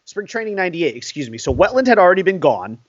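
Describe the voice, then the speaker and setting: Podcast co-host, man in his forties, animated storyteller, pitch a touch high. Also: fast talker, dry recording, lo-fi sound. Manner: animated storyteller, laughs often. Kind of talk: casual sports chat.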